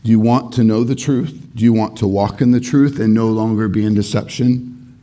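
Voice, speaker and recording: A man preaching a sermon as pastor, earnest, closing in prayer and slowing down for emphasis. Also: lowish voice, steady tone, mellow.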